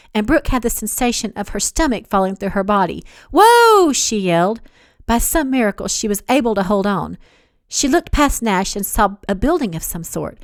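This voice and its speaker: A woman, the author, reading her own romance novel aloud in an expressive, dramatic storytelling style. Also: mid-range voice, no echo, clean studio sound. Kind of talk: audiobook narration.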